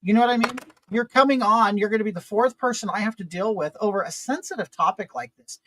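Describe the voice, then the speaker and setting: A man's voice: sits high, fast talker, bright, forceful tone, low-quality recording. A man hosting a casual chat, telling a frustrating story in an exasperated, rambling way with many fillers. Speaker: vlog host.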